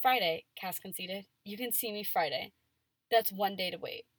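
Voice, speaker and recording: Woman reading fanfic out loud to a friend, chatty, lots of like, dry close sound. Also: medium pitch, normal speed, dry recording. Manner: reads dialogue with playful emphasis, chatty with many "like"s. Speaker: podcast co-host reading fan fiction aloud. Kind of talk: casual chat and reading aloud.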